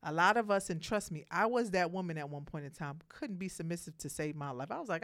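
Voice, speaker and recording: A woman giving a motivational monologue to other women, speaking emphatically, telling animated stories and addressing her listeners directly. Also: lowish voice, fast, few pauses.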